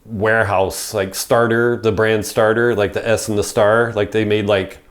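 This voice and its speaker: A man's voice: fairly low pitch, level tone, moderate pace. Chatty middle-aged man telling a story. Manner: rambling, peppered with "like" and swearing. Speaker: podcast guest. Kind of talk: casual storytelling.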